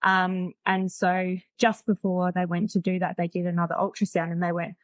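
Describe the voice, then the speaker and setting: Lower-voiced woman telling her story. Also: flat delivery, moderate pace, no room sound. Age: 40s. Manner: chatty, frank, laughs easily. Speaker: podcast guest. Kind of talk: casual storytelling.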